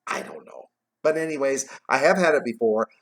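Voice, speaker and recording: A man's voice: medium pitch, wildly swooping pitch, fairly quick. Chatty man telling a classic story. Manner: chatty, jokey, adds asides while retelling. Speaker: vlogger reading a classic novel aloud. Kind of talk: casual storytelling.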